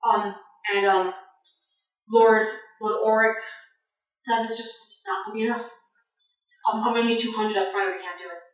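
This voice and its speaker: A woman's voice: on the high side, fairly even intonation, natural voice. Woman voicing an oily scheming broker. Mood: wheedling. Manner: oily, falsely sympathetic, drawn-out persuasion. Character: smooth scheming male broker, greedy go-between. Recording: echoey room, far from mic.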